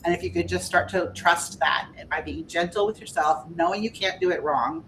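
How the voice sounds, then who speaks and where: Gentle, low-voiced woman life coach. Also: a little fast, a little hiss or hum. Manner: gentle, earnest, reflective. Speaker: spiritual life coach, guest. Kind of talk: podcast conversation.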